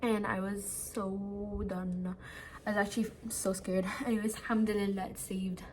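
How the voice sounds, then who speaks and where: A young woman vlogger talks to her phone camera from home at night, seated indoors, in a casual, earnest, chatty way with many "like" fillers. Her medium-pitched, slightly mellow voice moves little in pitch, keeps a moderate pace, and has faint hiss or hum.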